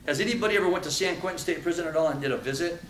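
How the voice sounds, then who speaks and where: A man giving an animated talk to a live audience, telling prison stories and acting out threats. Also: fairly high pitch, racing, reverberant, recorded from a distance, low-quality recording. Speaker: speaker. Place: event room with audience.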